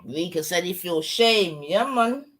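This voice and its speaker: A young woman, giving excitable, slang-heavy live commentary on a fight and shouting often. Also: lowish voice, a little slow. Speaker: watch-along streamer.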